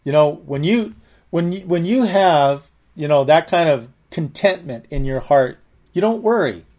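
Earnest, slightly high-voiced man teaching. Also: lively intonation, a little slow, darkish tone. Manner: earnest, repeats and restarts words. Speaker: Bible teacher. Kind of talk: conversational Bible teaching.

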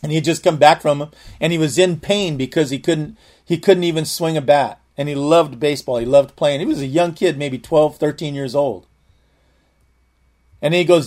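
A man's voice: a little high, moderate pace, darkish tone. A man preacher telling a personal testimony in a sermon, earnest and full of restarts. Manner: earnest storytelling, frequent restarts.

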